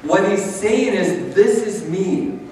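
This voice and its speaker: A man's voice: high-pitched, slow, darkish tone, soft background music. A man preaching a communion sermon as pastor, earnest and conversational, with emphatic repetition. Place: church sanctuary. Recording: echoey hall, far from the mic.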